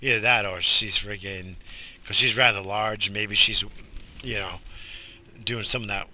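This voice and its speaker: Worn-out man talking to camera while driving, jokey and foul-mouthed, lower-pitched voice with a hard, bright edge. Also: fairly even intonation, unhurried. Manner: rambling, profane, jokey. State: exhausted, yawning. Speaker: vlogger. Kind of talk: casual rambling vlog while driving. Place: inside a car.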